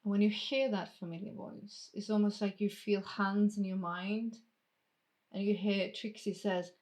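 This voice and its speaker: A woman running a tabletop game as game master, narrating in a casual, drawn-out way with some swearing. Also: mid-range voice, level tone, a little mellow.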